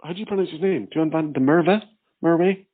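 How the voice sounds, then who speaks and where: A man's voice: fairly high pitch, fairly quick. A man chatting as a podcast guest, teasing and dry-witted. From Scotland. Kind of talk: casual chat. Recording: tinny phone-like line.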